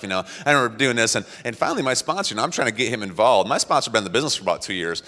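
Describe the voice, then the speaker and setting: Fast, bright-voiced man telling stories. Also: medium pitch, in a large hall. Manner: animated, acts out quotes, laughs at himself. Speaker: motivational speaker. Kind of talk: storytelling talk to an audience.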